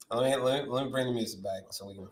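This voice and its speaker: A man hosting a movie news vlog, ranting with lots of swearing and swinging from shouting to muttering. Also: medium pitch, roomy sound. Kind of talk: animated solo movie-news rant.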